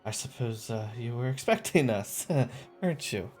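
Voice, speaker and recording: A man playing his character in a tabletop game, halting and self-conscious, chuckling between words. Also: medium pitch, animated, faint music behind. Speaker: player. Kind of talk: in-character tabletop role-play.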